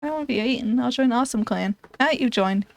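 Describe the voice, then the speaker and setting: A woman's voice: on the high side, fast talker, gravelly, slight background noise. A young woman streaming a browser game, chatting casually and reading its text aloud with frequent giggles and stumbles.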